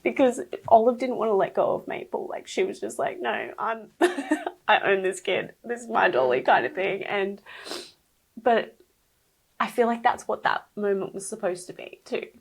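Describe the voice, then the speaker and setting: A young woman speaks candidly and emotionally as a podcast guest. Her voice is gravelly and husky at a middle pitch. She talks in loose, unscripted bursts full of fillers and quoted speech. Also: moderate pace, rough recording. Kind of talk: personal storytelling in an interview.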